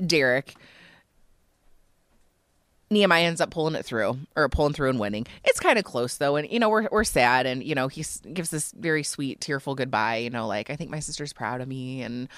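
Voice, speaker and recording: A low-voiced woman tells a story in casual podcast chat, and her pitch swings widely with emotion. She fills her talk with "like" and "you know." The recording is close and dry. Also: normal speed, smooth, no room sound. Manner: animated storytelling, emotional, many fillers. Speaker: podcast co-host.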